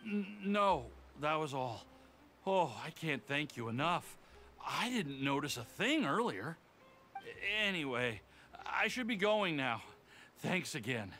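A man's voice: a little high, sing-song, slow pace, bright, forceful tone, a little hiss or hum, heavily acted. A man voicing a nervous, grateful passerby in a video game, stammering and flustered.

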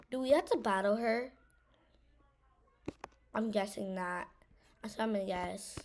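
A woman's voice: medium pitch, measured pace, pauses often, a little mellow, a little hiss or hum. A woman giving casual gameplay commentary, teasing and saying "bro" a lot. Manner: teasing, says "bro" a lot, scared outbursts. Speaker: gamer.

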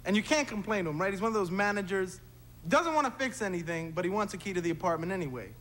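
A man performing a stand-up comedy routine on stage, telling punchy stories with quick tag lines. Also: high voice, lively intonation. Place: theater stage before a live audience. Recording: noisy 1970s TV stage recording with roaring crowd. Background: loud audience laughter.

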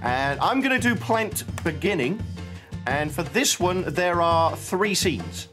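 Playful gaming YouTuber, lively pitch. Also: male voice, takes it slowly, over music. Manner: playful, laughs often, reads on-screen dialogue aloud. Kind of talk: casual reaction commentary.

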